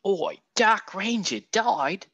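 A man's voice: on the high side, slow pace, fairly bright tone, dry recording. A man hamming up a cheesy Aussie superhero. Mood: goofy. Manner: jokey, exaggerated Aussie accent put on badly. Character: cheesy Australian male superhero, jetpack-flying.

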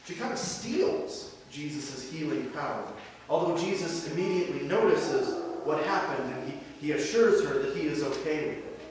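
A man in his thirties preaching a sermon as pastor, conversational and animated, posing rhetorical questions to the congregation. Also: a little high, normal speed, far from the mic. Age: 30s. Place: church sanctuary. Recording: very echoey hall, heard from afar.

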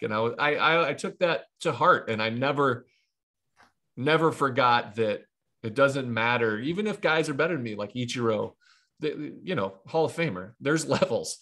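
A man in his thirties from Ohio, a retired baseball pitcher telling stories as an interview guest, rambling with frequent restarts and asides. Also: lively intonation, moderate pace, bright, forceful tone. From Ohio, USA. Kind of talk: casual interview storytelling.

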